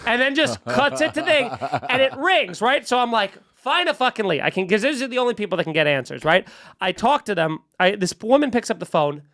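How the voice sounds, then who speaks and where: A man, a comedian and podcast host, telling a profane, animated story and acting out the other voices. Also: very high voice, brisk. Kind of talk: comic storytelling.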